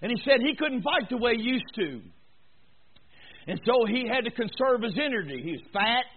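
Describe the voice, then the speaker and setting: A preacher with a high-pitched voice delivers a sermon in church. He drops to quiet, rambling asides, then climbs into shouted, pleading exhortation. The sound is thin and tinny, like it came over a phone line. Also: animated, normal speed, husky. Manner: swings from low murmurs to high shouting exhortation. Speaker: pastor.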